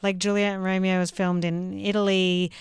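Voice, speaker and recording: Chatty Australian woman with a very clear voice. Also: mid-range voice, normal speed, no echo, clean studio sound. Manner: relaxed, chatty, with many fillers. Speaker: guest actress. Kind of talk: casual interview chat. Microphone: microphone, remote video link.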